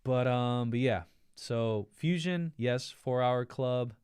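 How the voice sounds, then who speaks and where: A man's voice: mid-range voice, slow pace, a little mellow, smooth, no echo, clean studio sound. A man hosting a casual livestream, reading viewer comments aloud, laughing often and thanking his viewers effusively. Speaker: livestream host.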